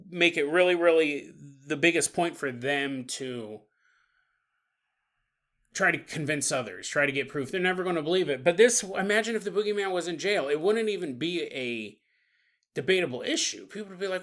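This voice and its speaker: The speaker is a man hosting a paranormal podcast, with a slightly high, animated voice, a fairly bright tone, and a moderate pace. He riffs comically, laughing often as he performs little scenes.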